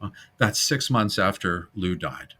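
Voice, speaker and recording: A man hosting a casual film-history podcast, animated and jokey, now and then breaking into silly voices. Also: low voice, measured pace. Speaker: podcast host.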